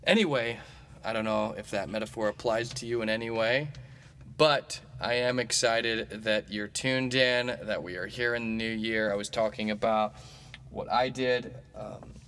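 A man's voice: fairly low pitch, steady tone, normal speed, fairly bright tone, clean tone. A man in his thirties hosting a comedy podcast, talking in a meandering, jokey way with lots of fillers. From Missouri. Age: 30s. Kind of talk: casual rambling monologue.

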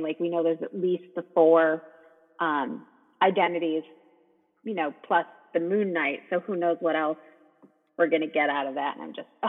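A man chatting casually in an excitable, gushing way, full of likes and you-knows. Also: on the high side. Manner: gushing, excitable, filler-heavy. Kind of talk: casual fan discussion. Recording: tinny phone-like line with long reverb.

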